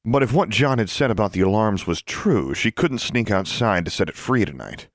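Male narrator, low voice, dry close sound, measured audiobook reading. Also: lively intonation, no echo.

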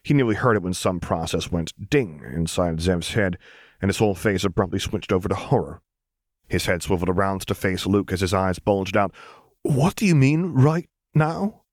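Deep-voiced man reading a story. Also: steady tone, fairly quick, no room sound, clean studio sound. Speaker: audiobook narrator. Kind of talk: reading a fan fiction audiobook.

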